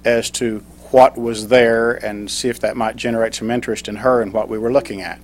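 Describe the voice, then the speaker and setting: A middle-aged man giving a prepared club speech, telling a personal story and reading a poem slowly. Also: medium pitch, steady tone, slight background noise. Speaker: club speaker.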